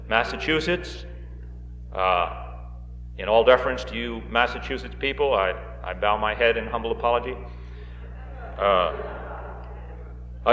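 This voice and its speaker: Male rally speaker, middle voice, folksy and halting, on a muffled old reel with long hall reverb. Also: medium pitch, sharp tone, a little hiss or hum. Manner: folksy with joking asides and frequent uh fillers. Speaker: guest speaker at a political rally. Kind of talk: live political speech to an audience. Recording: roomy dull 1960s reel recording of a hall.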